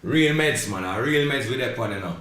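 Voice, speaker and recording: A man hosting a live podcast, playfully shouting out viewers by name. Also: medium pitch, lively intonation, brisk. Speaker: podcast host. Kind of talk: casual live podcast chat. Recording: roomy echo with faint background hiss.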